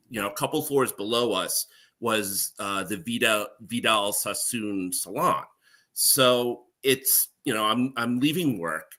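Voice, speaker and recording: A middle-aged man tells his stories in a casual, animated way and often laughs along. His voice sits low but sounds very bright and forceful. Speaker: guest, former NBC page. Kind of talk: casual storytelling.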